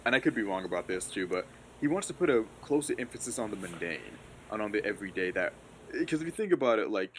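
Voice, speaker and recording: A man talking casually about a novel in a rambling, animated way. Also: mid-range voice, slightly rough. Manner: rambling, animated, quick to laugh. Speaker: podcast co-host or guest. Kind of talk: casual book discussion.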